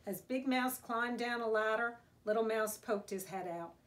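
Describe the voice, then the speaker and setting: A woman's voice: on the high side, moderate pace, a bit bright. A woman, a preschool teacher, reading a picture book aloud to young children in a sing-song storytime manner.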